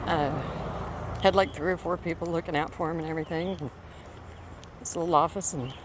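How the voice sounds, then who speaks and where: A woman's voice: low-pitched, steady tone, fairly quick, background noise. A middle-aged woman telling a rambling story on a walk outdoors, breaking off now and then to call her dog. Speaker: vlogger walking her dog.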